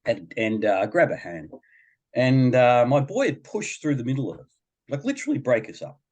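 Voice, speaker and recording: A man's voice: medium pitch, very animated, moderate pace, darkish tone. A middle-aged man, telling a chatty personal story as a podcast guest and acting out other people's voices. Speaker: guest, behaviour coach. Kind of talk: storytelling in a casual podcast chat.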